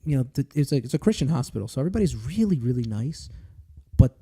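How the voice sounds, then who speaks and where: Animated, swearing man telling a story. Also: medium pitch, fast talker, slightly rough. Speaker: podcast host. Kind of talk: casual chat, storytelling.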